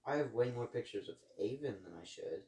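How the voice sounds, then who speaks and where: A man's voice: medium pitch, expressive, fairly quick, darkish tone, far from the mic. Goofy young man, off mic in an echoey room. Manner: goofy, playful. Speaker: podcast co-host. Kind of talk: casual banter.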